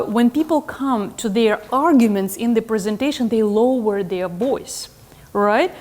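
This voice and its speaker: A woman's voice: fairly high pitch, a little mellow. A woman teaching a class in a classroom, earnest and full of "um" and self-corrections. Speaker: instructor. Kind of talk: classroom lecture.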